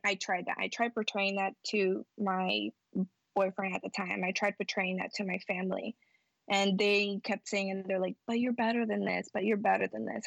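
A woman's voice: medium pitch, gravelly, fairly bright tone, no room sound. A woman entrepreneur talking casually as a podcast guest, rambling and reflective, often acting out her own past thoughts.

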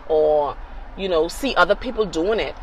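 A woman's voice: fairly low pitch, moderate pace, a little mellow, slight background noise, poor audio. Reflective middle-aged mother, chatty. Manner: reflective, talks with many "you know" fillers. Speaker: guest, mother of the host. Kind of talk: casual conversation.

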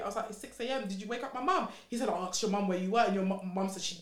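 A woman's voice: medium pitch, racing, hardly any pauses, reverberant. A young woman telling a story in casual chat, acting out quotes and often laughing. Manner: animated, laughing storyteller who acts out quotes.

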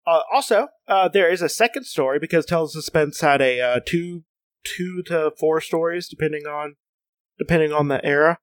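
A man's voice: a little high, normal speed, dry recording. A man co-hosting a casual chat, hesitant with many fillers and restarts.

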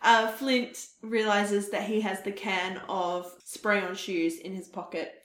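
A woman's voice: mid-range voice, fairly even intonation, slow, fairly bright tone, echoey room. A woman co-hosting a podcast, chatting casually about a film and laughing readily. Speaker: podcast co-host.

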